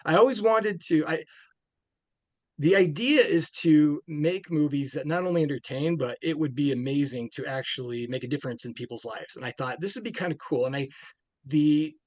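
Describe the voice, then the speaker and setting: A man's voice: a little high, moderate pace, dry recording. A man, a film director being interviewed, talking casually and rambling with many restarts and fillers.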